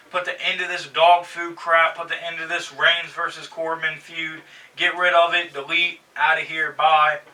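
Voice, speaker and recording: A man's voice: fairly high pitch, pushed and bright, distant mic, rough recording. A man hosting a wrestling review show, talking casually and growing exasperated as he rants. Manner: exasperated, ranting, sarcastic. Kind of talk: casual opinionated commentary.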